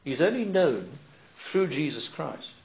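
A slightly high, creaky male voice delivers Bible teaching at a measured pace, explaining the passages he reads in a lively, conversational way. Asides and restarts are frequent, and the audio is dull and lo-fi.

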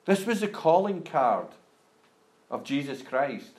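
A man preaching a sermon, speaking deliberately and rising to emphatic peaks as he reads scripture aloud. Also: on the high side, sing-song, a little mellow. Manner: slow, deliberate, emphatic rises when reading scripture. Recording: roomy echo.

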